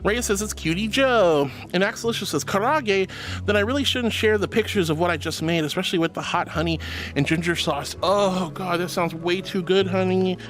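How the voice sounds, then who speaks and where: A man streaming live who reads chat messages aloud and thanks viewers warmly, calling them honey and darling, with bursts of excited squealing. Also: sits high, brisk. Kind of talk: livestream chat reading.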